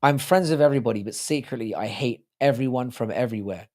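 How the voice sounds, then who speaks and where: A British man with a hoarse, sore throat, hosting a livestream in casual, crude joking banter while reading out viewer comments. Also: mid-range voice, quick pace, darkish tone. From United Kingdom. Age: adult with a child. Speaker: livestream host.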